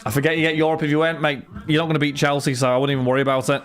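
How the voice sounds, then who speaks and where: A man's voice: a little high, little pitch movement, very fast. A young man chatting casually with his live stream chat while opening cards, rambling and talking to friends. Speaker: card break streamer.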